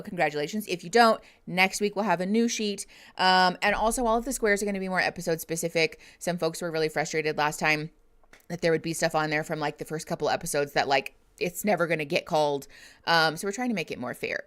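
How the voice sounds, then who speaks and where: A woman's voice: lowish voice, quick pace, a bit bright. A woman therapist hosting a casual livestream, chatting with viewers, reading their messages and laughing often. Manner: reads out and answers viewer chat messages. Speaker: therapist streaming reactions to a reality show.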